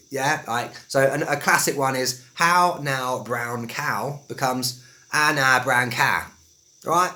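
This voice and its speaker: A young man from England with an Estuary English accent, chatting casually as an English teacher and drawing words out slowly to demonstrate. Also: a little high, pushed and bright. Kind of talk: casual video lesson.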